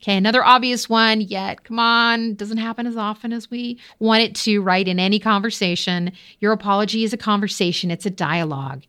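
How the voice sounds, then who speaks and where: A woman talks straight to her listener, coaching leaders through a solo podcast episode. Her voice sits at an ordinary middle pitch. She is direct and encouraging, now and then calling the listener her friend. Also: a little fast, hardly any pauses, sharp tone, clean tone. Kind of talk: solo podcast advice talk.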